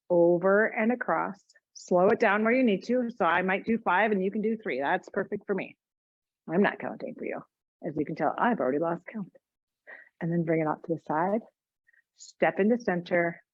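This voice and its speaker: A woman's voice: on the low side, no room sound, highs cut off. A woman teaching a yoga class, cueing each move with chatty, joking asides. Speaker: yoga instructor. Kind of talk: guided exercise class instruction.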